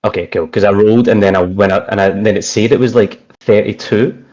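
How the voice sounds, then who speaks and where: Male player, low and hesitant, muffled mic. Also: steady tone, quick pace, darkish tone. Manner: hesitant, fills with um and like. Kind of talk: casual chat at a tabletop game.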